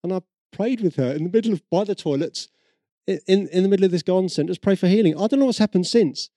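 In a close, dry recording, a fast-talking British man preaches a sermon built on personal stories, chatting as he tells them and taking on the voices of people he's met. His voice is slightly high for a man but mellow and warm.

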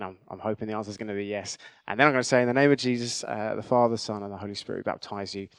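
Chatty man, smooth voice. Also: mid-range voice, dry recording. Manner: chatty, self-deprecating storyteller. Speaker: church leader. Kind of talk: casual talk to a congregation.

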